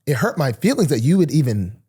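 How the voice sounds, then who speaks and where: Husky-voiced young man telling a story. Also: fairly high pitch, fast. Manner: animated, acts out quoted dialogue, many fillers. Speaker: football player guest. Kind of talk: casual storytelling.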